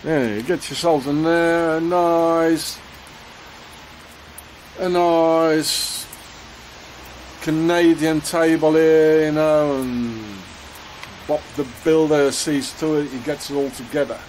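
A man delivering an angry, rambling rant outdoors in the rain, swearing often and filling every pause with "you know" and "eh?". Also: on the high side, fairly even intonation, darkish tone, slight background noise.

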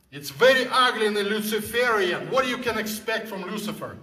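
A man's voice: high-pitched, lively intonation, fairly quick, few pauses, pushed and bright. Fervent man in an echoey hall. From former Soviet Union. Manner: fervent, preaching, broken English. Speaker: guest speaker. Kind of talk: impassioned speech.

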